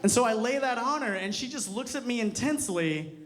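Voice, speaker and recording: A man's voice: very high-pitched, expressive, a little fast, a bit bright. A man in his thirties doing a casual, profane stand-up set on a club stage, tagging lines with "you know". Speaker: stand-up comedian. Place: comedy club stage before a live audience. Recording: live club recording with crowd laughter.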